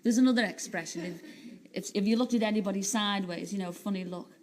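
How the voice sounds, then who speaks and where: A woman in her late thirties from Liverpool, speaking with a Liverpool accent as a talk-show guest, telling stories in a chatty, animated way and laughing often. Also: mid-range voice, fast talker. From Liverpool, England. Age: 30s. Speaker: singer and TV entertainer, guest. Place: TV studio.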